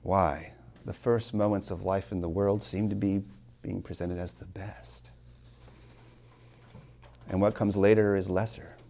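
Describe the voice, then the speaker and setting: Deep, gravelly man lecturing on poetry. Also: fairly even intonation, warm tone. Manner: emphatic, with rhetorical questions; slows down to stress key words. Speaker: college tutor lecturing.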